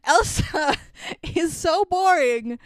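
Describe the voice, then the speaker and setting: A woman's voice: very high-pitched, lively intonation, extremely slow, no room sound. A woman co-hosting a podcast, chatting about a movie with frequent laughs and sarcastic asides. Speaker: podcast co-host. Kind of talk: casual movie recap chat.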